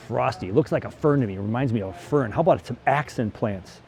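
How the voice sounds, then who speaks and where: A man's voice: mid-range voice, brisk, a little mellow. A middle-aged man hosting a casual walk-and-talk vlog, chatty and enthusiastic, full of exclamations, filming as he walks through a greenhouse. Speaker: bonsai vlogger host. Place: indoor greenhouse at a plant nursery.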